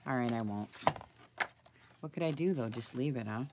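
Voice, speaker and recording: Low-voiced rambling woman crafting on camera. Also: moderate pace, very noisy. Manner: rambling, thinks aloud, asks viewers for advice. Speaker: craft video maker. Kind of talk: chatty live crafting video.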